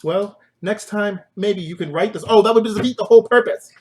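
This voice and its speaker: A man with a fairly high voice hosts a loose live stream from his kitchen. He rambles, jokes at his own expense and breaks into made-up silly songs. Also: a little fast, a little mellow, a little hiss or hum. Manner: goofy, rambling, self-mocking. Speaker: host. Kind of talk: casual live-stream chat with joke singing. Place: home kitchen.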